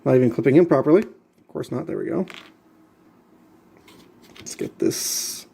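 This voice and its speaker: This exasperated man mutters his way through building a model kit for his vlog, saying the same things over and over in casual talk. He sounds warm and gravelly, pitched on the high side.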